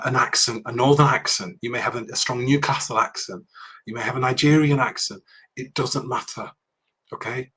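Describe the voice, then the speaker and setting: A man delivers a public speaking workshop to students in a lecture room. His voice is bright and a little husky, and he talks in a loose, conversational way, often checking in with "okay" and restarting his sentences. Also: medium pitch. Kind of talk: university workshop talk.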